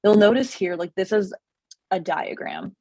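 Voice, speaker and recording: A woman realtor with a slightly hoarse voice and a Californian accent, chatting casually with many fillers and restarts. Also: medium pitch, a little slow, dark tone, no room sound, poor audio. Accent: Californian English. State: slightly hoarse, losing her voice. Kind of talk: casual explainer video.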